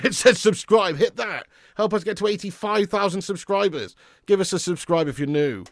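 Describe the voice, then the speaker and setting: A young man with a high-pitched voice and moderate pace hosts a live football watch-along, trading casual chat and comment replies with bursts of excitement over the match. The sound is studio quality and echo-free.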